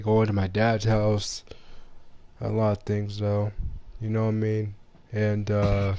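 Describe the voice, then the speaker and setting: A man's voice: fairly low pitch, warm tone. Young man rambling over gameplay at home. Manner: rambling, repeats himself, slangy. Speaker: gamer. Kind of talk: casual gameplay commentary.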